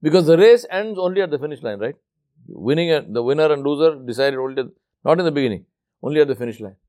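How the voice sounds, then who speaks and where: This preacher speaks quickly, with a mellow tone and lively intonation. His sermon takes the form of a story, with the characters' voices acted out, and he drops low for the teaching point.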